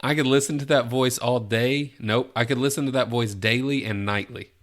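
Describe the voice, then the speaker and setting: A man's voice: medium pitch, fairly even intonation, normal speed, a bit bright. A man hosting a casual movie podcast, running a guessing game and giving playful hints with frequent laughter. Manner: jokey, gives playful hints, laughs often. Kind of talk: casual chat.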